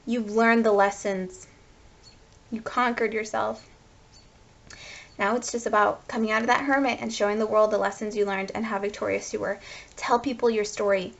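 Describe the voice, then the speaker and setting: A woman's voice: mid-range voice, creaky, lo-fi sound. A woman giving a tarot card reading, gushing and speaking straight to her viewers. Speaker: tarot reader.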